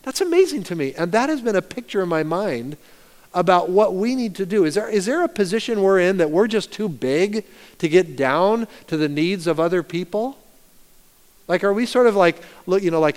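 A pastor preaching a sermon, animated storytelling that swings from loud to hushed. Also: male voice, high-pitched, normal speed. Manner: animated storytelling, rising loud and dropping soft. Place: church sanctuary. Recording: long reverb of a church hall.

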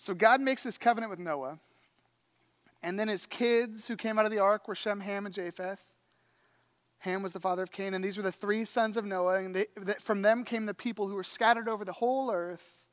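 A man preaching a sermon, telling a story in an animated, conversational way with acted-out quotes. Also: high-pitched, brisk. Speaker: pastor.

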